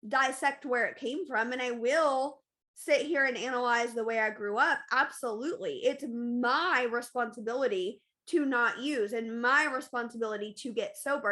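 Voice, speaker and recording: A woman's voice: fairly high pitch, bright, forceful tone. A woman hosting a podcast, talking candidly and emphatically in a casual confessional monologue, often repeating phrases for stress. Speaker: podcast host.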